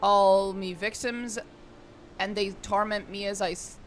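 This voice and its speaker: A woman's voice: medium pitch, steady tone, unhurried, soft background music, lightly acted. A woman voicing a menacing old male ghost pirate in a game, in a theatrical put-on pirate voice that drifts toward a drawl. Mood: brooding.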